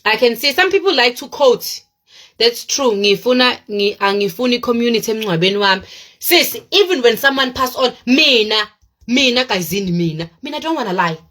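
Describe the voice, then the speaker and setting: A woman's voice: on the high side, lively intonation, a little fast, a bit bright. A South African woman with a Zulu accent, a small businesswoman chatting casually and preachily on a livestream, mixing Zulu into her English. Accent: South African, Zulu-speaking.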